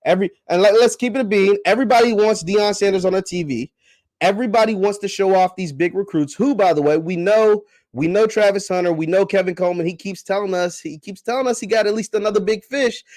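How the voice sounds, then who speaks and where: A man with a high voice hosts a casual livestream chat, reading out viewer comments with slang and teasing. His volume swings between loud and quiet, and the recording is dry.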